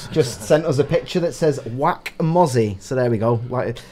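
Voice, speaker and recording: A man's voice: mid-range voice, expressive, normal speed, mellow, slight background noise. A man co-hosting a live stream, laughing often as he reads out viewer names. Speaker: co-host. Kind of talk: casual live-stream chat.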